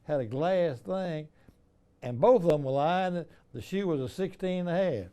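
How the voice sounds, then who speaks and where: A man's voice: on the high side, moderate pace, dark tone. An older man with an Alabama Southern accent, hosting a casual interview and telling folksy stories. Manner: folksy storyteller. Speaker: host.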